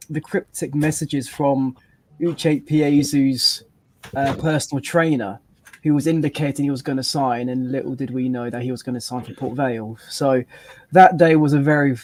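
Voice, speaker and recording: A man tells a relaxed anecdote as a guest in a casual chat. His voice sounds close and dry, with no room around it. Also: mid-range voice, dry recording.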